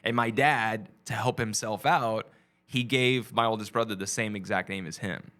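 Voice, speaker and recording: A man, a comedian guest from Texas, telling a family story in casual, animated chat. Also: fairly low pitch, normal speed. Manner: animated, acts out quoted voices.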